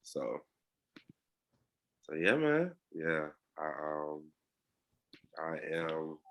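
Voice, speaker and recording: A man's voice: very deep voice, sing-song, extremely slow, fairly bright tone. A man on a video call with his coaches, talking casually in a slangy, laid-back way with lots of fillers and restarts. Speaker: coaching client.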